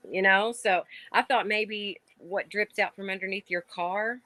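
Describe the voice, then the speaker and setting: Kentucky woman, Southern drawl, rambly guest, crisp bright voice, dry. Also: medium pitch, fairly even intonation, unhurried, dry recording. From Kentucky, USA. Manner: rambling, chatty, lots of "like". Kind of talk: casual chat. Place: outdoor patio at night.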